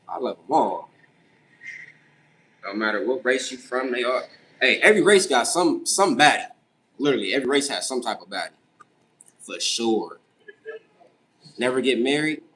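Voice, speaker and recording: A young man hosting a casual late-night livestream, reading chat and answering with animated, incredulous, profane reactions. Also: mid-range voice, rough recording. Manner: animated, incredulous, swears freely. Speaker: livestream host.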